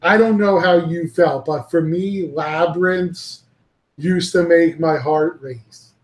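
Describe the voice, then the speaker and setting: Guy hosting a podcast panel, kinda high voice, swears a lot, rambles, echoey room. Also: slow pace. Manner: rambling and profane, laughing easily. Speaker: podcast host. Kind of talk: casual panel chat.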